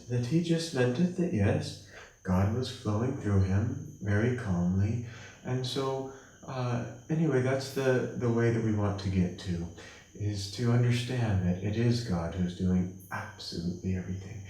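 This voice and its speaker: A man teaches a spiritual class in a gentle storytelling voice, slipping into quoted characters as he goes. His voice sounds far from the microphone, with a strong echo from the room. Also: mid-range voice, lively intonation, a little slow. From United States. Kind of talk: spiritual class talk with acted anecdotes. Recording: echoey room from a distance.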